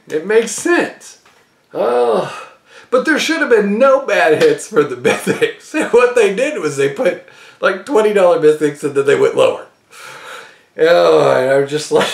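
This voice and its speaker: A man's voice: high voice, big pitch swings, a little slow, vocal fry, reverberant. A man hosting a card-opening channel, giving his opinion in a casual, rambling way, breaking into laughter often and restarting his sentences.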